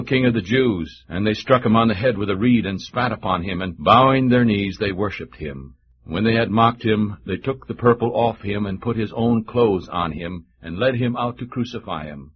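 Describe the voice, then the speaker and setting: A man reading a long scripture passage aloud in a measured, solemn way for a church radio broadcast. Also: lowish voice, slightly rough, highs cut off. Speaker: scripture reader.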